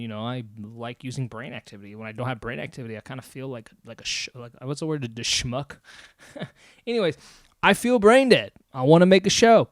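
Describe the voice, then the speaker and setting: A young man hosting a casual mental health video, talking animatedly in loud bursts and quieter asides. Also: mid-range voice, no room sound, studio quality. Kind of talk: casual monologue to camera.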